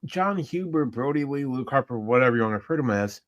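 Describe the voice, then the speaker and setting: Brief: New York man, podcast co-host, jumps in quickly, emphatic agreement. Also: mid-range voice, expressive, muffled recording. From upstate New York. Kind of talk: casual wrestling discussion.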